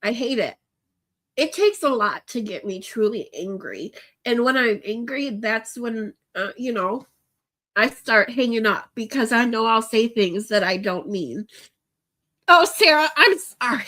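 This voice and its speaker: A woman chats with her livestream viewers while crying, venting in a rambling, emotional way. She keeps restarting her sentences and reaching for fillers. Her voice sits somewhat high for a woman. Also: expressive, unhurried, a bit bright. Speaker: livestream host. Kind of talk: casual chat with viewers.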